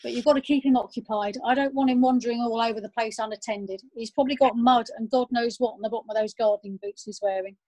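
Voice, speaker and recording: A woman voicing a fussy, bossy middle-aged mother hosting a family party, brisk and exasperated. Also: on the high side, fairly even intonation, warm tone, close to an everyday voice, low-quality recording.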